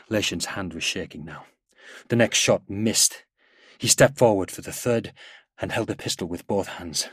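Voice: man, low and husky. Style: audiobook narration. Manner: steady, measured. Mic: close, dry. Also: no room sound. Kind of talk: audiobook narration of military fiction.

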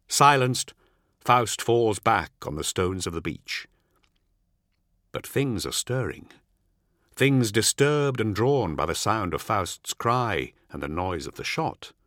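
A man giving a measured, dramatic audiobook narration. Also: fairly low pitch, fairly bright tone, no room sound, studio quality.

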